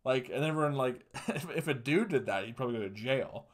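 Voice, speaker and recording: In a solo comedy rant on his podcast, a young man fires off crude, profane jokes and laughs at his own punchlines. His mid-range voice is expressive and a little fast.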